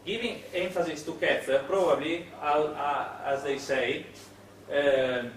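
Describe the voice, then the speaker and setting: Hesitant lecturer in an echoey room. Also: male voice, on the high side, measured pace. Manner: hesitant, many fillers and restarts. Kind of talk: classroom lecture on web development. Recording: echoey room, mic at a distance, noisy.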